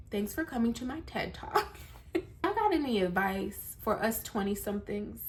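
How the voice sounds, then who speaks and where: A woman's voice: on the high side, big pitch swings, moderate pace. A woman in her late twenties, vlogging candidly to viewers from her bed at night, tearful and sad, rambling as she talks to them directly. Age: 20s. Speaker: lifestyle vlogger. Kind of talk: candid vlog to camera. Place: bedroom at night.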